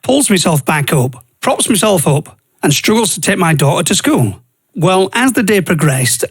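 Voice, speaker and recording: A man's voice: a little high, husky. A man, hosting a podcast and earnestly telling a personal faith story in a plain, conversational way. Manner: earnest, conversational, uses regional grammar like "I goes". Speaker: podcast host.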